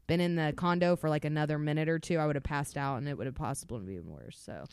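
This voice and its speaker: A young woman on a podcast telling a story in an animated way, swearing constantly. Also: low-pitched, fast, smooth, no room sound, clean studio sound. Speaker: podcast co-host. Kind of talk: casual storytelling.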